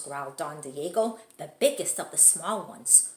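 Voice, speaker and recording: A woman teacher reading a children's storybook aloud with expressive, animated narration. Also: deep voice, measured pace, roomy sound.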